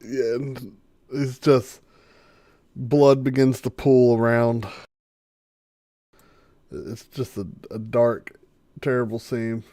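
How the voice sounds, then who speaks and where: A game master narrating a tabletop game, laughing and halting as scenes unfold. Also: medium pitch, level tone, warm tone, no echo, clean studio sound.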